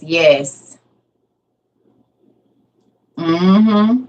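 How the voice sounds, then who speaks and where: A woman's voice: fairly low pitch, lively intonation, a little slow, pauses often, a bit bright. A middle-aged woman, chatting casually on a livestream and answering viewers' comments by name, laughing often. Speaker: livestream host.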